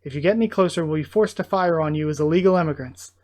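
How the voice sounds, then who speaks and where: A stern, commanding border guard, read aloud by a man. He issues blunt warnings in a flat, official way, like a manga character being read out. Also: fairly high pitch, quick pace, natural voice.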